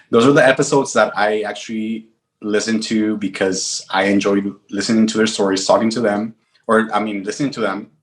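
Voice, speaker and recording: A man guesting on a friend's podcast, retelling stories in animated casual chat and laughing along. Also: fairly low pitch, normal speed.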